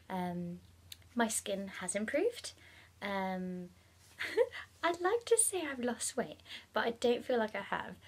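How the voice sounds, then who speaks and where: Chatty young woman, husky voice. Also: mid-range voice. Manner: chatty, with many ums and bursts of excitement. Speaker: vlogger. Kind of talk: casual personal vlog.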